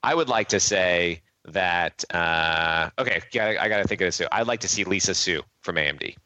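Deep-voiced joking man in a dry room. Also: normal speed, dry recording. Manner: jokey, animated, laughs often. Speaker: guest, tech company CEO. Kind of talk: casual interview chat.

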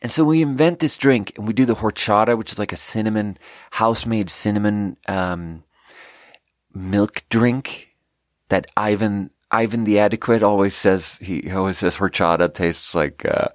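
A man with a lowish voice and moderate pace, recorded cleanly in a studio with no echo, is a podcast host and restaurant server. He animatedly retells a long, exasperated story about difficult guests, swearing freely throughout.

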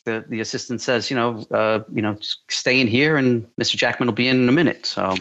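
A man in his forties co-hosting a podcast, telling a rambling, excitable story in casual chat with lots of fillers and restarts. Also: mid-range voice, brisk, dull audio. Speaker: podcast co-host.

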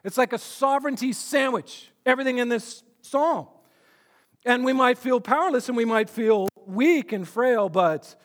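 A man's voice: very high-pitched, normal speed. A male pastor preaching a sermon, earnest and emphatic, often repeating words as he builds a point.

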